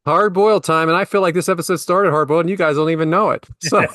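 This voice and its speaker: A man's voice: quick pace, no room sound, clean studio sound. A middle-aged man co-hosting a podcast, telling exasperated everyday stories in a casual chat. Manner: animated, exasperated storytelling with big pitch jumps. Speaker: podcast co-host.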